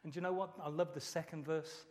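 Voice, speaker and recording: A man's voice: a little high, steady tone, fast, big-room sound. A middle-aged man preaching a sermon as pastor, earnest and emotional, repeating his key phrases.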